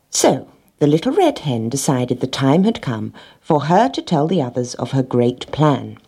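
A low, husky woman's voice reads a children's story aloud. She is gentle and expressive, her pitch rising and falling freely through the telling. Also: normal speed. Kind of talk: storybook reading.

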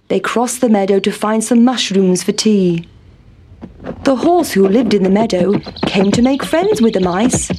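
A woman's voice: fairly high pitch, a little mellow, slight background noise. A woman narrating a children's storybook, reading aloud with expression.

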